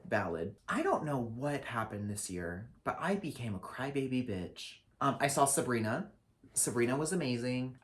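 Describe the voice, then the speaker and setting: Young man ranting in a dramatic vlog. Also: medium pitch. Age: young adult. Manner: dramatic, swears a lot, swings between loud rants and flat asides. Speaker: vlogger and drag performer. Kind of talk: casual year-recap vlog. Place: apartment lit only by a ring light.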